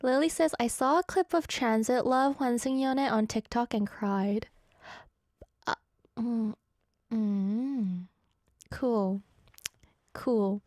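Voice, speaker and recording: A woman's voice: fairly high pitch, slow, darkish tone, no echo, clean studio sound. A young woman hosting a radio show, chatting casually and reading out listener messages with frequent giggles. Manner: giggly, chatty, self-deprecating. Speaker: radio host. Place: radio studio. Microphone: studio microphone.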